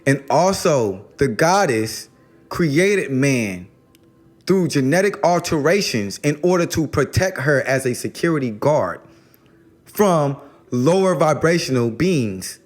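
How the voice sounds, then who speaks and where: A man's voice: a little high, lively intonation, slow, faint music behind. A man talking casually about spirituality as a guest, rambling and slangy, often repeating words as he starts a thought.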